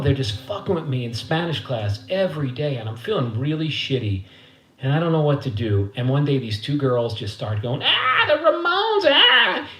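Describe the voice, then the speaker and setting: Between songs on his livestream, a middle-aged man from Queens, New York, who is a musician and host, laughs his way through a casual, profane story in his living room and does the voices of its characters. He has a slightly mellow, medium-pitched voice, and the echoey room with guitar carries a bit of background noise.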